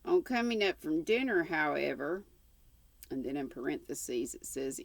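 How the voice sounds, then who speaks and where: An older woman reading a classic novel aloud, unhurried, with casual asides now and then. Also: deep voice, expressive, vocal fry, no room sound. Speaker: audiobook reader.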